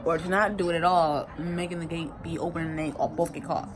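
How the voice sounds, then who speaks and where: A woman vlogger recaps a TV season in a casual, colloquial, expressive way, getting emotional, rambling, and often repeating herself. Her voice is lowish and brisk, with background noise in the recording.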